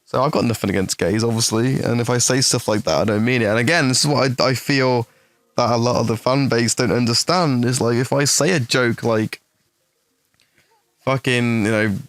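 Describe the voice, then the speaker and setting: A man's voice: medium pitch, moderate pace, no room sound. Blunt, profane man from the English West Midlands. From England, West Midlands. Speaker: streamer answering chat questions. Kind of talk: casual livestream chat.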